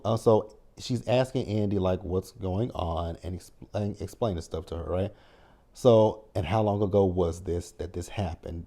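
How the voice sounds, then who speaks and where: A man's voice: low voice, warm tone. A man hosting a casual TV episode recap, chatty and wry, with frequent profanity. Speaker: TV recap channel host.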